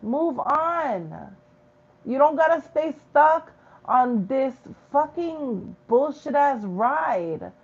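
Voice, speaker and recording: A woman's voice: sits high, expressive, very slow, highs cut off. Blunt, profane woman preaching spiritual tough love. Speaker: spiritual reader. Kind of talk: spiritual message vlog.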